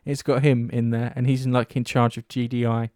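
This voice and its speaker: A man's voice: medium pitch, brisk, no echo, clean studio sound. A man chatting casually about games, rambling and swearing freely as he tells stories. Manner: rambling, swears often, animated storytelling.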